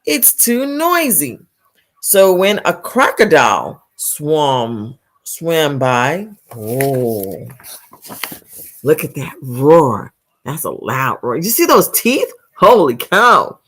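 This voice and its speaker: Animated woman reading to kids. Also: a bass voice, extremely slow. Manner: animated, exclamatory, asks the children questions. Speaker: storytime reader for children. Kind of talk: reading a picture book aloud.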